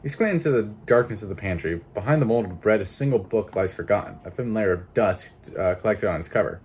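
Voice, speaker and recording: A man's voice: fairly low pitch, expressive, quick pace, darkish tone, a little hiss or hum. A man reading a narrative game aloud with casual, swearing commentary and laughing asides. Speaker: gameplay streamer.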